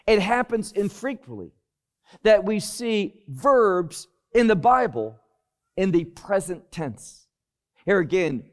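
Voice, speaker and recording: A man preaching a Bible-teaching sermon, deliberate and emphatic, often dropping his voice low at the end of a phrase. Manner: slow, deliberate, emphatic delivery with sudden drops in volume.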